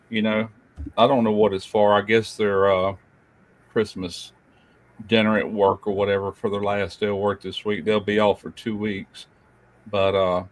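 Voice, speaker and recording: A man's voice: fairly low pitch, a bit bright. Folksy older man telling a story. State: feeling unwell. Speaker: host. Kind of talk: casual live chat.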